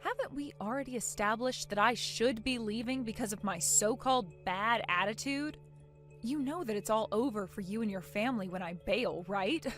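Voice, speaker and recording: A woman voicing a calm, sarcastic young woman who talks softly and coolly in an animated story. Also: a little high, moderate pace, lightly acted. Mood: cold. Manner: soft, cool, sarcastic. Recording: faint music underneath.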